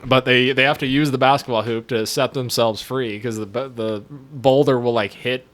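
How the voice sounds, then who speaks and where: A man co-hosting a movie podcast in casual chat, excitable and profane, rambling with many fillers. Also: mid-range voice, normal speed. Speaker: podcast co-host.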